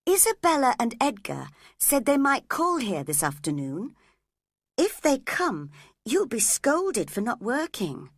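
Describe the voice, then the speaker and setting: A woman voicing a spoiled, hot-tempered young woman in a read-aloud story, with petulant, shrill outbursts. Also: huge pitch swings, unhurried, dry recording, clean studio sound, exaggerated voice. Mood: cross.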